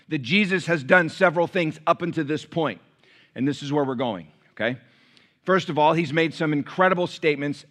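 A man preaching from the pulpit with a bright, forceful voice that sits a little high. He asks his congregation questions and answers them himself. His delivery swings between loud, emphatic lines and near-whispered low passages. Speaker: pastor. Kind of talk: sermon.

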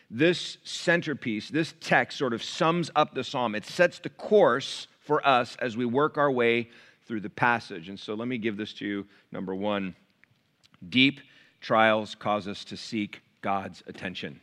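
A man preaching a sermon to his church, shifting from quiet, close asides to loud, raised passages. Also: medium pitch, a little slow. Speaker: pastor. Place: church sanctuary.

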